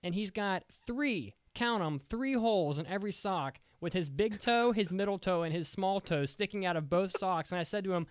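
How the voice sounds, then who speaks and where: A man's voice: high voice, expressive, normal speed, few pauses, smooth, no echo, clean studio sound. A man hosting a casual podcast, upbeat and joking, rambling with restarts. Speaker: podcast host.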